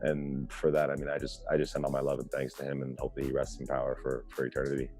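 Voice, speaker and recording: A man's voice: a bass voice, completely flat delivery, fast talker, darkish tone, faint music behind. A man speaking as a guest on a podcast in casual conversation, talking in a heartfelt way with frequent restarts.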